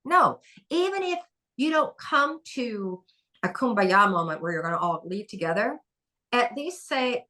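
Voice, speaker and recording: A woman's voice: on the high side, very animated, unhurried, sharp tone. A woman who is a former head gymnastics coach, talking passionately and emphatically as a podcast guest. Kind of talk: podcast conversation.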